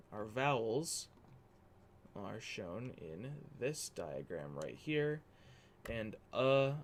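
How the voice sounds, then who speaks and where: A man hosting a casual livestream, his voice at an ordinary middle pitch. He rambles, restarts and corrects himself as he talks. Keys clatter under his voice as he types. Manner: rambling, self-correcting, chatty. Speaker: livestream host. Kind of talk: casual livestream chat while working on a document.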